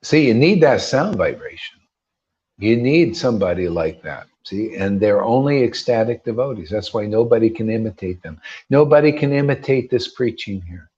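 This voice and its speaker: A man's voice: fairly low pitch, expressive, moderate pace, darkish tone, breathy edge. A man giving an informal devotional talk to a group, emphatic and preachy, often restarting and rising into bursts. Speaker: spiritual teacher. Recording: dull lo-fi sound.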